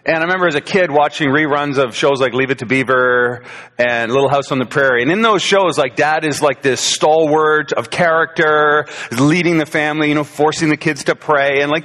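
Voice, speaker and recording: A man's voice: on the high side, a bit bright, in a large hall. A man in his forties giving a conversational Father's Day sermon as a pastor, with frequent fillers and restarts. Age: 40s. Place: church sanctuary.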